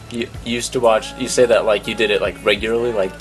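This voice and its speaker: A man's voice: lowish voice, fairly even intonation, a little fast, soft background music. A man co-hosting a podcast in casual chat, with dry, teasing banter. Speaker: podcast co-host.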